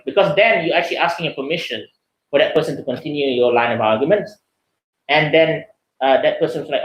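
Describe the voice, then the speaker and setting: A man's voice: a little high, animated, fast, roomy sound, lo-fi sound. A man giving a casual webinar talk, answering questions with lots of fillers and "right?" tags. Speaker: webinar speaker.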